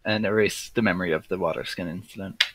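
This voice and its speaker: A man's voice: deep voice, fairly even intonation, quick pace, sharp tone, rough recording. A man playing in a tabletop game, hesitant and full of ums. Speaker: player. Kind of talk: casual tabletop play.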